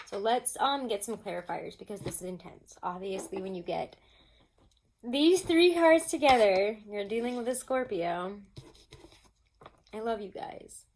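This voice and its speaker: A woman talks through a tarot reading in a loose, chatty way, laughing often and breaking into mock-exasperated outbursts. Her voice sits at an ordinary middle pitch. A faint hiss runs under the recording. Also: normal speed. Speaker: tarot reader. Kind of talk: casual tarot reading to camera.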